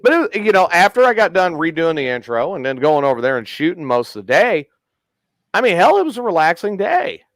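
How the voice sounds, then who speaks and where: A man's voice: on the high side, big pitch swings, brisk, no room sound. A man hosting a casual podcast, telling a long profane story and acting out the quotes. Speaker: podcast host.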